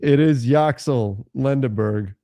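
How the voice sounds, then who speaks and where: A man's voice: mid-range voice, takes it slowly, mellow, no room sound, studio quality. A man co-hosting a live basketball draft show, chatting casually and laughing often. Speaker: podcast co-host.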